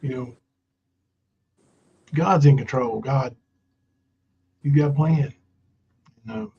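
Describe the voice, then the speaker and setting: A man's voice: medium pitch, measured pace, creaky, long pauses, dark tone, dull audio, slight background noise. A man hosting a casual livestream, rambling with many fillers and reading viewer comments aloud. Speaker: livestream host.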